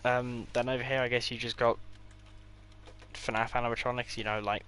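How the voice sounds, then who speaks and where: A man's voice: medium pitch, level tone, moderate pace, a bit bright, a little hiss or hum. A man giving a casual, rambling tour of his game builds, with offhand delivery and dry sarcastic asides. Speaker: gaming creator.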